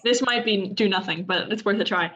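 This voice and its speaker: A woman's voice: mid-range voice, fairly quick, a bit bright, highs cut off, slight background noise. A woman playing in a tabletop game, chatting casually and asking curious questions. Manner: curious, questioning, laughs easily. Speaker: player. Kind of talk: casual chat.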